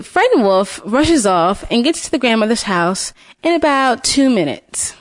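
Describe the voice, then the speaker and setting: A woman retelling a fairy tale in an unscripted way, with restarts and fillers, lifting her pitch to voice the characters. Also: sing-song, a little slow, dry recording. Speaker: storyteller.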